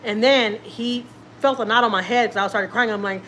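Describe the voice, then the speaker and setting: A woman's voice: a little high, moderate pace, a bit bright, a little hiss or hum. A woman, a family vlogger, telling a personal story casually and acting out what people said, repeating herself often. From Houston, Texas. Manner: chatty, repeats herself, acts out quotes.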